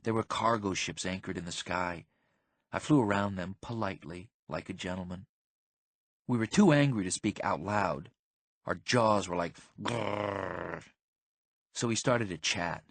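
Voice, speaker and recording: A man reads a first-person audiobook in a husky, slightly breathy voice. His delivery is flat and deadpan, full of casual teen slang, recorded close and dry. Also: low voice, moderate pace, dry recording. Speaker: audiobook narrator.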